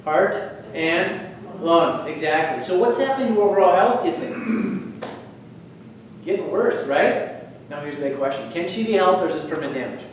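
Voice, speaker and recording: A man, a chiropractor, giving an energetic presentation to an audience and quizzing them with questions. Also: high-pitched, moderate pace, pauses often, slight background noise. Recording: echoey room, voice from far off.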